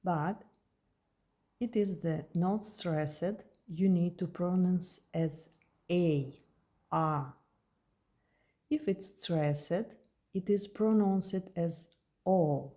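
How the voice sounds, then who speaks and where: A woman with a Russian accent, a native Russian speaker, gives a slow, patient beginner language lesson and repeats words for practice. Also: lowish voice, dark tone. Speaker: language teacher.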